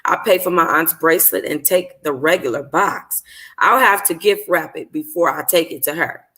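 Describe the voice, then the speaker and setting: A woman's voice: deep voice, normal speed, fairly bright tone. A woman reading a novel aloud for a book club, casual and profane, stopping to apologize for slips.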